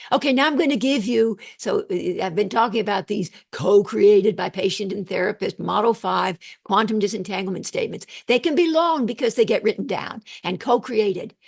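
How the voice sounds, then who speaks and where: Gravelly, husky older woman lecturing. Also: medium pitch. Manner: animated, digressive, laughs at own jokes. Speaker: psychotherapist lecturer. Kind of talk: online lecture.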